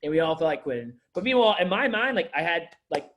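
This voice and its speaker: Here the district manager sounds a little high and fairly bright, animated and talking fast. He tells meandering, filler-laden stories to his new staff, constantly starting over mid-thought.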